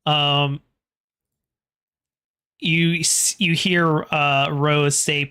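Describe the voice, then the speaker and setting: A man serving as game master, narrating a tabletop horror game in a relaxed, conversational way, pausing to check his notes and ask the players what they do. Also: on the high side, clean tone.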